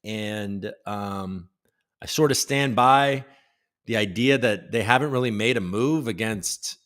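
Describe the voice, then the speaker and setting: A man's voice: mid-range voice, fairly bright tone. A man hosting a casual crypto livestream, rambling and joking irreverently as he reads viewer comments.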